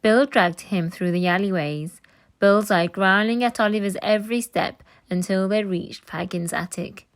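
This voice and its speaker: A woman teacher reading a children's book aloud with clear, expressive storytelling. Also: mid-range voice, normal speed.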